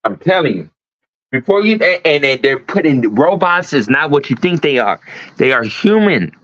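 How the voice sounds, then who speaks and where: A man holds forth on a casual livestream, swearing often and pressing every point. His voice sits a little high. The sound is dry and dull, like low-fidelity stream audio. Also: very animated, normal speed, fairly bright tone, dry recording. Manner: profane, emphatic ranting. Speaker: host.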